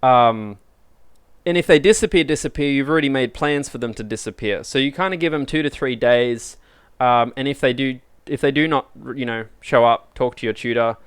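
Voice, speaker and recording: A man lectures students in a loose, chatty way, acting out bits of dialogue between teammates. His voice is smooth and clear at an ordinary middle pitch. The sound is dry and close, with no room echo. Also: moderate pace. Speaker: university lecturer. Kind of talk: casual live-streamed lecture.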